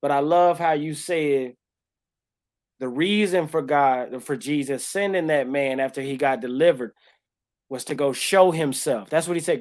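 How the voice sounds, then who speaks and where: A man's voice: a little high, a little slow. Passionate man giving a tearful testimony. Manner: passionate, swings from loud to hushed, breaks into tearful laughter. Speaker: podcast co-host. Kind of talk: emotional faith testimony in casual talk.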